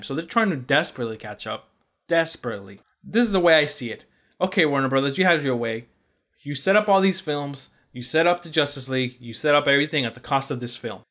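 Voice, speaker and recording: A man's voice: medium pitch, a bit bright. A young man giving a casual, blunt movie review, exasperated and swearing freely. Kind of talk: casual opinion rant.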